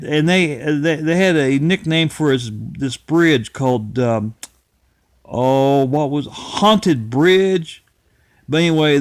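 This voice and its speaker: Slow folksy middle-aged storyteller. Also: male voice, on the high side, clear, resonant tone, dry recording, clean studio sound. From Ohio-Kentucky area. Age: 50s. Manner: rambling, folksy, chuckling, restarts often. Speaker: channel host. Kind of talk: casual storytelling monologue.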